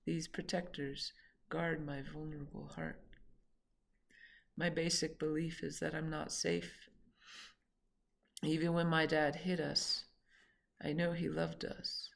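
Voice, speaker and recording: A woman reading her own memoir aloud in a reflective, halting way, sometimes correcting herself mid-sentence. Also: low voice, little pitch movement, gravelly.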